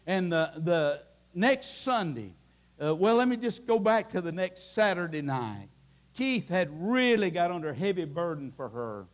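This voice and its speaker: In a church, a Baptist preacher delivers an impassioned sermon in a high male voice, very animated yet at a measured pace. He rises into shouting at the peaks and tells folksy stories with many restarts.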